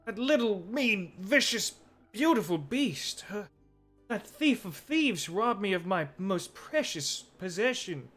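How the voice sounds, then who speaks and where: A man's voice: high voice, sing-song, takes it slowly, a bit bright, faint music behind, voice pushed up, heavily acted. A man voicing a pompous, melodramatic, lovesick old male vampire in a grandiose, theatrical manner. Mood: wounded.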